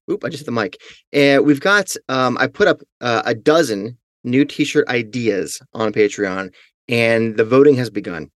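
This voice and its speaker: A man's voice: medium pitch, no echo, clean studio sound. A man co-hosting a podcast in casual chat, joking and poking fun at himself, with many ums and uhs. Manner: jokey and self-mocking, with many fillers. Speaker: podcast co-host.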